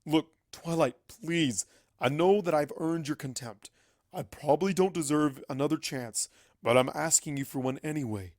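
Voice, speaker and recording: A man's voice: on the high side, normal speed, no room sound, lightly acted. Man doing a tired stallion wizard, apologetic, earnest, storybook reading, dry close mic. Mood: pleading. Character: weary, proud male unicorn wizard. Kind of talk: fanfic audiobook reading.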